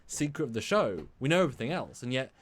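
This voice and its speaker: A man from England co-hosting a live stream discussion, talking in an animated, rambling way with many restarts. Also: medium pitch, fast, breathy edge. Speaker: co-host.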